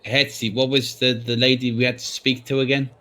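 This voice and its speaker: A man's voice: mid-range voice, little pitch movement, brisk, sharp tone. Jokey man playing a tabletop game. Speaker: player. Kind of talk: casual tabletop chat.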